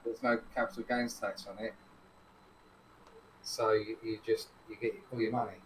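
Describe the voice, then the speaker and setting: A man's voice: lowish voice, little pitch movement, moderate pace, slight background noise, rough recording. A man chatting casually as a co-host, laid-back and dry. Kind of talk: casual chat.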